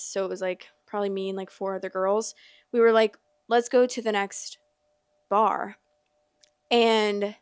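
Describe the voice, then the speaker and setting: A young woman at an ordinary pitch tells a personal story, casual and animated, with plenty of "like" fillers. Her voice sits close and dry, with no room sound around it. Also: no room sound. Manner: chatty, animated, many "like" fillers. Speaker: podcast host.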